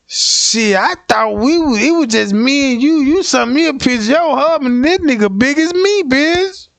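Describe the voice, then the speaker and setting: A rowdy young man riffs to his livestream chat in a high voice that leaps all over the place. He swears freely and rants his stories with animated comic energy. The sound is dry and close, with no room around it. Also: normal speed, creaky, hardly any pauses, no room sound. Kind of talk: casual livestream storytelling.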